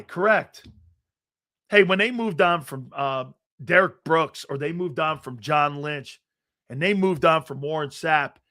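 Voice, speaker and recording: A man's voice: high-pitched, pushed and bright. A man hosting a sports talk radio show, ranting bluntly and combatively at callers and swearing freely.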